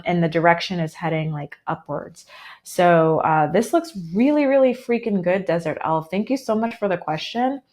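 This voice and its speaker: Chatty upbeat American woman. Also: on the low side. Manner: chatty and upbeat, heavy with fillers like "um" and "like". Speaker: tarot reader. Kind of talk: live-streamed tarot reading.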